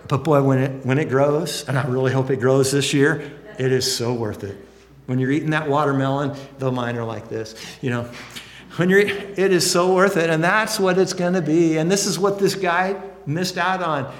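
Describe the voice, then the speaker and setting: A man preaching a sermon, lively and expressive, acting out excited voices now and then. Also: moderate pace. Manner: animated, acts out excited voices with big pitch jumps. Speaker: pastor. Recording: long hall reverb.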